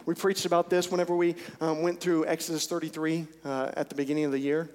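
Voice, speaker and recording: A man's voice: a little high, flat delivery, fast, a little mellow. A male pastor preaching a sermon in a church service, earnest and intense, repeating phrases for emphasis. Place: church sanctuary during a service. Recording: long church hall reverb.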